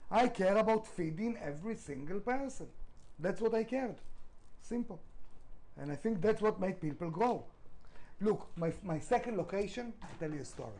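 A man's voice: high-pitched, expressive, normal speed, darkish tone, low-quality recording. A middle-aged man, a restaurant founder, telling his story in a podcast interview, emphatic, swearing freely, with non-native grammar.

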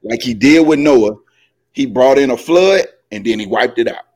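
A man's voice: mid-range voice, animated, moderate pace, darkish tone. A man co-hosting a faith podcast, sermonizing in a casual, folksy way with slang. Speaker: podcast co-host. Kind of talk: faith-based podcast talk.

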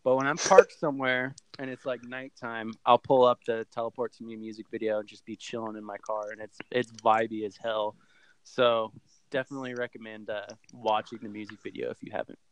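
A man chatting on a podcast, telling a relaxed story. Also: medium pitch, a little fast, clean tone, no room sound, low-quality recording. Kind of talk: casual podcast chat.

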